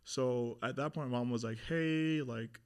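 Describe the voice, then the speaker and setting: A young man appears as a guest on an interview podcast, candidly sharing a personal story at normal speed in a medium-pitched voice. He animatedly acts out what other people said, with lots of swearing and filler words.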